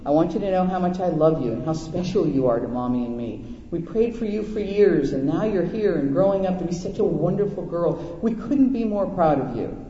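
High-voiced male pastor in an echoey hall. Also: dark tone. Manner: storytelling, folksy and conversational. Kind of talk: sermon. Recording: echoey hall, dull lo-fi sound.

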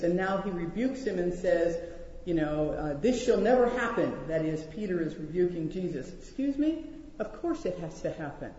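An animated Bible teacher leads a study, acting out quoted lines and restarting sentences as the thoughts come. The voice is mellow and soft-toned. The sound is dull and carries a long hall reverb. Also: medium pitch.

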